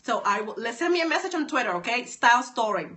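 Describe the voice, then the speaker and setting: A woman's voice: fairly high pitch, sing-song, fast talker, pushed and bright. A woman hosting a live phone stream, chatting upbeat with viewers by name and repeating herself often. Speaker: stylist and author hosting a livestream.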